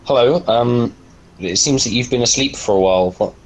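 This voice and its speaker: A man's voice: mid-range voice, normal speed, a little hiss or hum, poor audio. A man playing a tabletop game in character, speaking politely and hesitantly with many fillers. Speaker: player.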